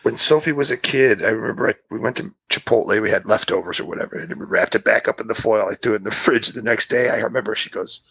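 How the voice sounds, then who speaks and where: A middle-aged man co-hosting a podcast speaks quickly with hardly any pauses, in a low-leaning, slightly rough voice with vocal fry. In casual chat he tells stories animatedly, acting out what people said and laughing often.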